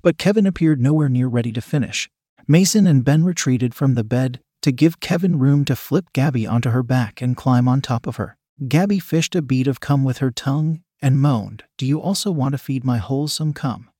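Male narrator, steady read-aloud, mid-pitched, dry close sound. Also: moderate pace, husky, no room sound. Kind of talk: scripted narration of an adult story.

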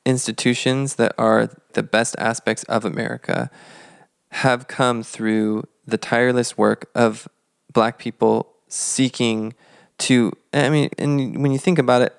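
A man's voice: mid-range voice, creaky, dry recording, clean studio sound. A man co-hosting a casual history podcast, talking thoughtfully with rambling restarts. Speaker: podcast co-host.

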